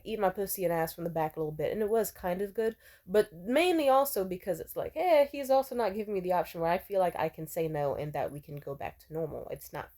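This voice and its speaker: A young adult woman speaks straight to camera in a candid, rambling way, full of fillers and frank profanity. Her voice is warm and mellow, set at an ordinary middle pitch. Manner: blunt, profane, conversational with many fillers. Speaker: vlogger. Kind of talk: candid personal storytelling.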